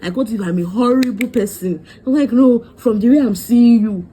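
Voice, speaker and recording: A woman's voice: a little high, normal speed, slight background noise, poor audio. A young woman tells a storytime vlog, acting out what everyone said. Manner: animated, dramatic quoting of others. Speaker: vlogger.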